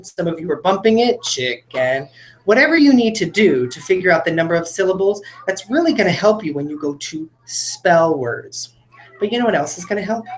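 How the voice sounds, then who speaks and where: A woman teacher leads young children through a phonics lesson in a classroom, speaking in a somewhat low voice. She talks to the class directly and encourages them as she demonstrates words. The room is roomy and echoes around her.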